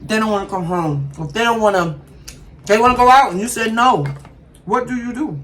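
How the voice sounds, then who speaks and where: A woman's voice: fairly high pitch, brisk, a bit bright, rough recording. A woman hosting an eating show, talking casually and emphatically straight to her viewers. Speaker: mukbang host. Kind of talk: casual chat while eating. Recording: faint background noise.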